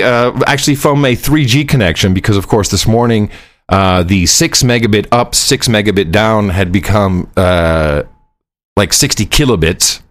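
A man co-hosting a podcast while on the road, telling a rambling story in casual chat. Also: lowish voice. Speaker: podcast co-host. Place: on the road, far from home studio.

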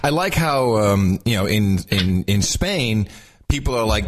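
Animated, joking man chatting. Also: medium pitch, moderate pace. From Texas. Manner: animated, joking, lots of restarts. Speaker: podcast co-host. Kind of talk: casual chat.

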